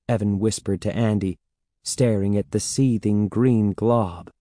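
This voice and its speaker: A man narrating an audiobook in slow, measured storytelling, close to the mic. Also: lowish voice, fairly even intonation, dark tone, no room sound. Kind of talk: scripted narration.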